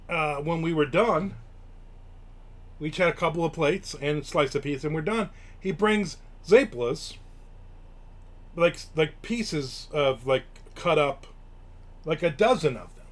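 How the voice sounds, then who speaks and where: A man hosts a casual live stream. His voice sits a little high for a man. He rambles through stories and swears offhandedly. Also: expressive, normal speed, long pauses. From Newark, New Jersey. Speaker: show host.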